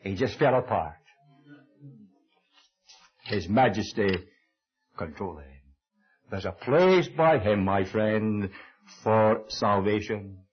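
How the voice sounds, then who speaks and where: A man's voice: slow, slightly rough, lo-fi sound. An older man with a Scottish accent preaching a sermon, telling a wartime story and acting out the dialogue. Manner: animated storytelling, acting out dialogue with shifting pitch.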